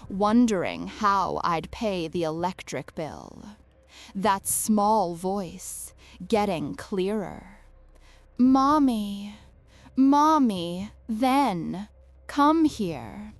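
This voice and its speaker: A woman giving a scripted horror story narration, slow, hushed and deliberate. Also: medium pitch. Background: faint music.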